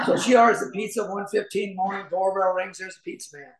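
A man's voice: sits high, steady tone, normal speed. A middle-aged man from Kentucky telling personal recovery stories in a folksy way, acting out the voices in them. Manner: folksy storyteller, acts out voices, chuckles often. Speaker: speaker at a recovery meeting. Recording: echoey room.

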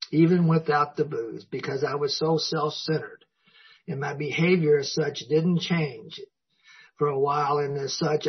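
An older man speaks at a recovery meeting, giving a personal recovery talk in a folksy storytelling style and acting out dialogue. His voice is breathy and a bit high. The recording is dull and lo-fi.

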